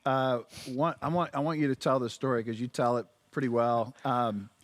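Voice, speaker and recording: Male co-host, mid-pitched, easygoing storyteller with a few fillers, dry close recording. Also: fairly even intonation, moderate pace, dry recording. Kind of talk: casual conversation.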